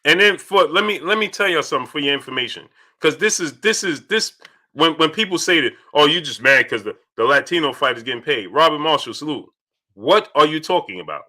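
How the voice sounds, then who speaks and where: A young man hosting a casual live stream, reading viewer chats aloud and answering them in an animated way that repeats itself. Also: a little high, fairly quick. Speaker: livestream host reading super chats. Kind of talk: casual livestream chat.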